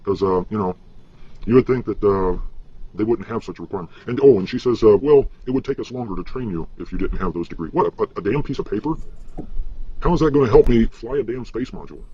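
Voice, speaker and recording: Frustrated man ranting, muffled and husky. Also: fairly low pitch, animated, warm tone. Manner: frustrated, profane, halting with many fillers. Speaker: vlogger. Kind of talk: rambling vlog rant. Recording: muffled lo-fi replayed clip.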